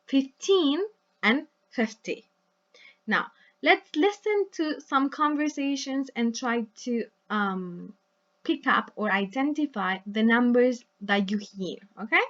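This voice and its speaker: Slow, patient woman teacher. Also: a little high, dull audio. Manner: patient, checks in with "right?" and "yes?"; models words slowly for repetition. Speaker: English teacher. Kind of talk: recorded online lesson.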